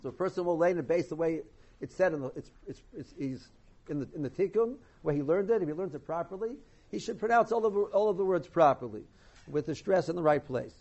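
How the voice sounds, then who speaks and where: A man giving an informal lesson on the laws of Torah reading, halting often and restarting his sentences. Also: a little high, a little mellow. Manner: halting, many restarts and repeated words. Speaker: Torah teacher. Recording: dull lo-fi recording.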